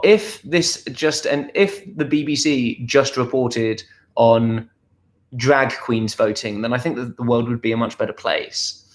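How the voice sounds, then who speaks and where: Young male streamer, playful and self-mocking, mid-pitched, reading chat from home. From Essex, England. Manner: chatty, playful and self-deprecating. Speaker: livestream host. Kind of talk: casual livestream chat reading viewer comments. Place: at home, indoors.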